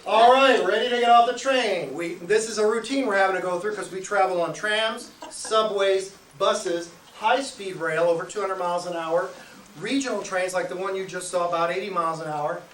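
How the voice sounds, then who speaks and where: A comedian with a notably high voice spins a travel yarn for a live audience, lively and theatrical. He is recorded in an echoey room from a little distance, and steady noise hangs under him. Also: normal speed. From Nebraska. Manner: animated, acts out yelling in quoted bits. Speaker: comedian telling a travel story. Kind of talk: stand-up storytelling show. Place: live show venue with audience.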